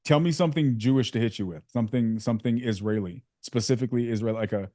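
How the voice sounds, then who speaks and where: A man's voice: mid-range voice, fast, mellow, no room sound, clean studio sound. A man hosting a sales community on a video call, joking and slangy with lots of fillers. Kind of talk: casual coaching chat on a video call.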